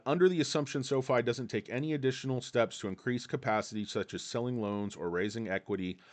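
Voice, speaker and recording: A man hosting casual stock commentary, reading an article aloud and rambling off into joking asides. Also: medium pitch.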